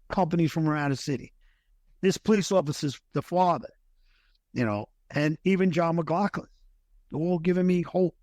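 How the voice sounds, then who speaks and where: His voice is fairly high and slightly mellow, captured without any room sound. A middle-aged retired firefighter, he earnestly recounts a personal story on a podcast, halting, often restarting, and occasionally overcome with emotion.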